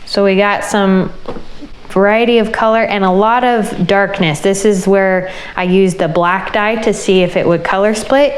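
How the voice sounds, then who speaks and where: A woman hosting a crafting channel, explaining an ice-dye project as she works in a relaxed way. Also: medium pitch, unhurried, a little hiss or hum, poor audio. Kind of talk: casual craft tutorial.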